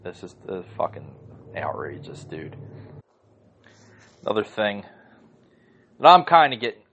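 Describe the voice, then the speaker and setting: A man's voice: on the low side, very animated, unhurried, fairly bright tone, highs cut off, a little hiss or hum. A man hosting a podcast from home, ranting casually and heatedly, swearing often and rambling through lots of fillers. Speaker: podcast host. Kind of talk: casual rant.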